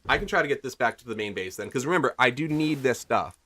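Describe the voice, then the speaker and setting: Bright-voiced chatty male streamer. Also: mid-range voice, animated, fast talker, slight background noise. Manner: rambling, chatty, asks viewers questions. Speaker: livestreamer. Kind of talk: casual gaming commentary.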